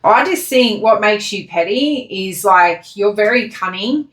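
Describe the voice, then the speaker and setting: A woman's voice: medium pitch, animated, a little slow, fairly bright tone. A woman giving a casual pick-a-card tarot reading, talking bluntly and swearing freely. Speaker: tarot reader. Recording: echoey room.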